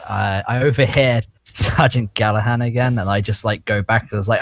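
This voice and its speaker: A young man playing a tabletop game, playful and teasing, sometimes jumping into a high put-on voice. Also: steady tone, brisk, few pauses, fairly bright tone, no room sound. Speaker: player. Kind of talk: casual tabletop role-play.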